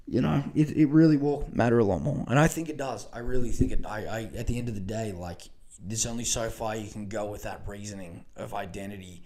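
A man's voice: lowish voice, fairly quick. Profane rambling man ranting politics. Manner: profane, rambling, animated rants with many fillers. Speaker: podcast host. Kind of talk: casual political commentary.

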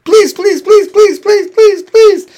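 Little goslings, squeaky, pleading, storybook reading, loud. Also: male voice, slow pace. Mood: begging. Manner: shrill pleading chorus. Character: a flock of tiny begging goslings.

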